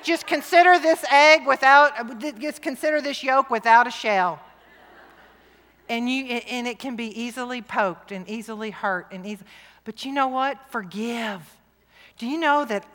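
High, bright middle-aged woman preaching. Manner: lively, jokey and emphatic, swinging from loud to hushed. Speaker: women's conference speaker. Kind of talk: sermon. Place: large church hall. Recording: long hall reverb.

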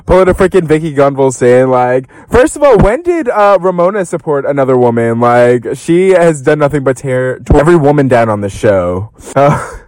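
A young man hosting a podcast, chatting about reality TV in a casual, animated way, full of fillers and swearing, with high-pitched bursts when he quotes people. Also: normal speed, smooth, no echo, low-quality recording. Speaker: podcast host. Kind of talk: casual gossip commentary.

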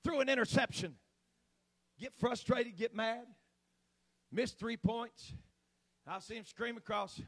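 A man preaching a sermon in church, dropping into low, chatty asides and rising to loud, shouted exhortation. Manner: swings from low conversational talk to shouted, drawn-out exhortation.

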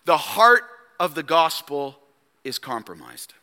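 A man preaching a sermon as pastor, emphatic, swinging between loud declarations and hushed low asides. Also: sing-song, slow pace, clean tone, in a large hall. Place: church sanctuary.

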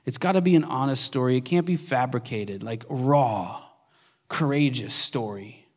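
A male pastor preaching a sermon with earnest, shifting emphasis, at times dropping to a hush and then building up again. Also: mid-range voice, moderate pace. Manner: earnest preaching, swings between hushed and emphatic. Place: church sanctuary.

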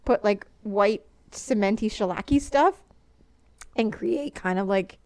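A woman's voice: medium pitch, unhurried, a little mellow. A woman co-hosting a casual chat, giggly and rambling. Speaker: podcast co-host.

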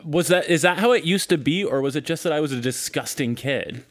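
A man co-hosting a casual podcast chat, talking playfully and rambling with quick asides. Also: on the high side. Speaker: podcast co-host.

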